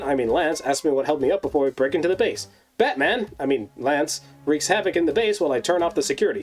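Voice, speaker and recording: A fairly high-voiced man rattles through a scripted game recap at speed. His pitch swings widely as he adds sarcastic, wry asides. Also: darkish tone. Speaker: video host. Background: faint background music.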